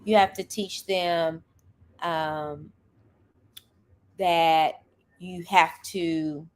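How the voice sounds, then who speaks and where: A woman's voice: lowish voice, fairly even intonation, drawn-out words. A middle-aged woman who teaches, hosting a podcast in a casual monologue. She speaks earnestly and with emphasis, checking in with the listener with a frequent "okay?".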